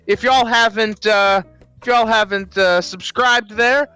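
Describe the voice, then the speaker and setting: Man, podcast co-host, casual chat, high bright voice, faint background music. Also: fairly even intonation, a little slow, smooth. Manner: retells scenes with acted-out quotes.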